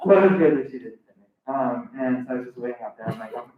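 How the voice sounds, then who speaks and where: A man's voice: mid-range voice, animated, rapid-fire. A young man doing a stand-up set as a student comic, telling a long rambling story and acting out the people in it. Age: young adult. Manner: acts out quoted voices, rambling and self-correcting. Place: live comedy stage. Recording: echoey muffled room recording from far off, noisy.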